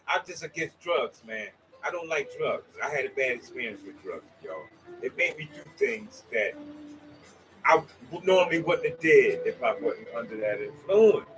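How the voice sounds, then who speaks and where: A man's voice: on the high side, bright, forceful tone, rough recording. A man hosting a rambling, preachy monologue, swearing and talking to his listeners as y'all. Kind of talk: casual spoken monologue.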